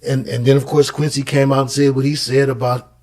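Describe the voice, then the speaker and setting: Telling his stories at length, this man loops back and restarts again and again in a casual, conversational way. His voice is middle-pitched with a darkish tone, and his delivery is flat and brisk.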